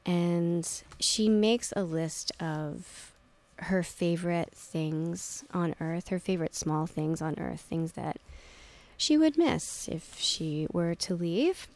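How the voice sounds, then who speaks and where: A woman's voice: lowish voice, lively intonation, darkish tone. Chatty woman with a Philly accent. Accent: Philadelphia. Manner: chatty, self-deprecating, with quick asides. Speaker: novelist guest. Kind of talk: radio interview conversation. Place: radio studio.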